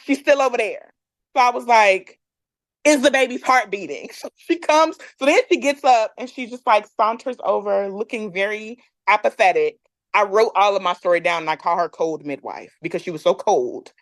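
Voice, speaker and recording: A woman guest on a podcast telling a personal story in a candid, animated way, often laughing and using fillers. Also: on the high side, moderate pace, dry recording. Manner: candid, animated, acts out others' lines; frequent fillers, laughs between lines.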